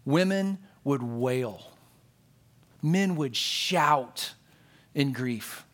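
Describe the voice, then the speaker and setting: A man's voice: mid-range voice, animated, extremely slow, fairly bright tone. A man preaching a sermon as pastor, earnest and conversational, leaning on emphatic repetition.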